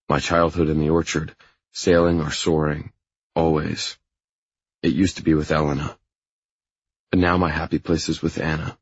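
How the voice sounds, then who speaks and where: Very deep, husky male audiobook narrator. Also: level tone, normal speed, no echo, lo-fi sound. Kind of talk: first-person audiobook narration.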